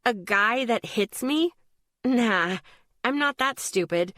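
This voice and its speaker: A woman's voice: mid-range voice, unhurried, no echo, clean studio sound, close to an everyday voice. A woman voicing a sarcastic, hot-tempered teenage girl who snaps back in an audiobook. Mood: defiant. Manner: sarcastic, snappy.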